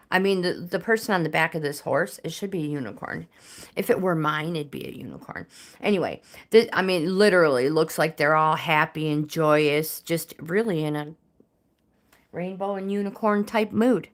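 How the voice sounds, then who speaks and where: A woman hosting a live-stream tarot reading, chatting with viewers by name and reading out card meanings in a casual way. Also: fairly low pitch.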